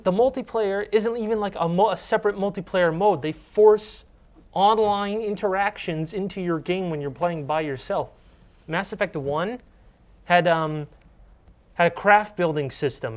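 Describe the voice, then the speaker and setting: A young man co-hosting a casual gaming news chat, ranting and often restarting his sentences. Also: sits high. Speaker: co-host.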